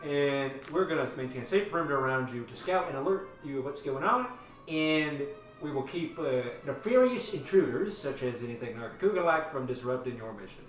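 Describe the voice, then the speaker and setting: A game master voicing a greedy, smug company boss in a tabletop game, with a put-on drawl and a folksy, bossy, teasing manner. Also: male voice, on the high side, animated, brisk, close to an everyday voice. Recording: roomy and distant, music behind.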